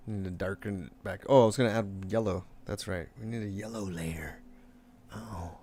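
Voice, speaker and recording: A man's voice: fairly low pitch, moderate pace, dark tone, a little hiss or hum. A young man rambling casually while painting on a live stream, laid-back, swearing often and laughing a lot.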